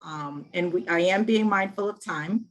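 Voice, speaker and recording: Low-voiced woman moderating a panel. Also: moderate pace.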